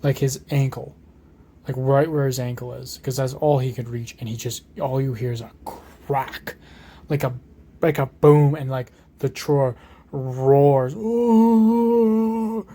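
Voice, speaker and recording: A man's voice: mid-range voice, fairly even intonation, moderate pace, dark tone, slight background noise. A man improvising a fan story, rambling on with lots of fillers, restarts and swearing.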